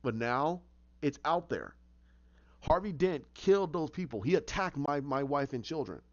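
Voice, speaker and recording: A man's voice: fairly high pitch, expressive, normal speed, muffled recording, lightly acted. A man voicing a weary, middle-aged male police chief speaking earnestly and plainly.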